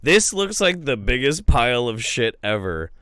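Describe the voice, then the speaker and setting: A young man hosting a podcast, telling a story in casual chat, loose and profane, doing quick voices for the people he quotes. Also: mid-range voice, big pitch swings, fairly bright tone, clear, resonant tone, no room sound, studio quality. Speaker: podcast host.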